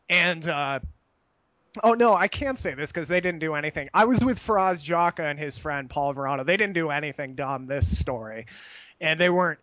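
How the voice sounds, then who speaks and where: High-voiced young man, loose and profane raconteur, dry slightly muffled sound. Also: no room sound. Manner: animated, profane, laughs while telling stories. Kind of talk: casual storytelling chat.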